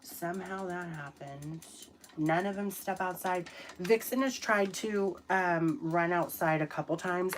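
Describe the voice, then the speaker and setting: A young adult woman chats slowly and unhurriedly on a casual livestream, thanking viewers by name and swearing offhandedly. Her voice sits a little low for a woman, and a faint hiss runs under it. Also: a bit bright. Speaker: livestream host.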